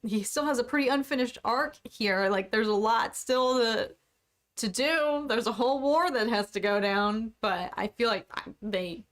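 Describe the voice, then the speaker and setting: A woman's voice: on the high side, moderate pace, fairly bright tone. A young woman hosting a casual livestream podcast, chatting and reading out viewer comments. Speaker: podcast host.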